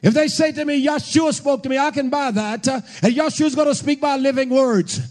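High-pitched man hollering a fiery sermon. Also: brisk. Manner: hollering, emphatic preaching with bursts of shouting. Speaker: preacher.

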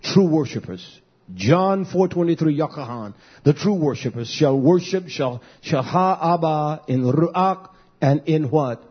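A man's voice: fairly high pitch, lively intonation, measured pace, breathy edge, highs cut off. A man, a pastor preaching a sermon emphatically and calling out to the congregation.

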